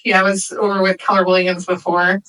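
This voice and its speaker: A woman in her forties, a newer agent, chatting casually and letting her sentences trail off softly. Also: medium pitch, completely flat delivery, a little fast, distant mic, low-quality recording. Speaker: newer real estate agent. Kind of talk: casual chat.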